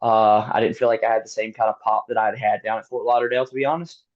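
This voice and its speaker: A man being interviewed, telling a race story in a casual, animated way, laughing often and using lots of fillers. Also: lowish voice, quick pace. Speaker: guest athlete. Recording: dull lo-fi sound.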